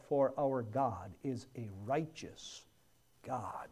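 A man's voice: medium pitch, takes it slowly, mellow. A man preaching a sermon, swelling hard on key words and then dropping almost to a whisper. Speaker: pastor.

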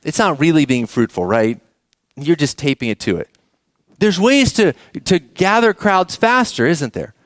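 Conversational pastor preaching, high-voiced man. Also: big pitch swings, normal speed, no echo, clean studio sound. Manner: conversational, asks the congregation questions. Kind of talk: sermon. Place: church.

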